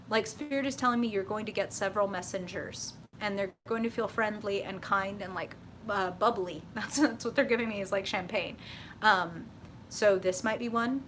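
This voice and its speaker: A woman's voice: a little high, moderate pace, slight background noise. A middle-aged woman reading tarot on a live stream, talking casually and swearing freely, with frequent laughs. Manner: casual, profane, animated, laughs often. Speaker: tarot reader.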